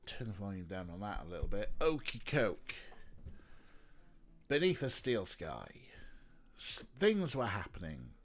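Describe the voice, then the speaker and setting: A man's voice: deep voice, huge pitch swings, moderate pace. A man with a stuffy, snotty nose, chatting casually on a live stream, teasing and cooing at his pet between remarks to his chat.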